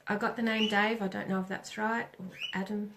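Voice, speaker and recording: A middle-aged woman doing a live oracle reading, speaking gently with pauses and self-corrections. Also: mid-range voice, level tone, background noise. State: tearful. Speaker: psychic reader on a live stream.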